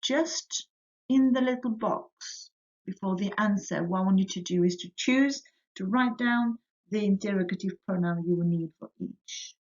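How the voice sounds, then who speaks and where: A woman teaching a French lesson to young children, saying words slowly for them to repeat, her pitch rising on each French word. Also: darkish tone. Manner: slow, drilling words for repetition, rising on French words. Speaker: primary school French teacher. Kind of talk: recorded remote lesson for children. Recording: dull lo-fi audio.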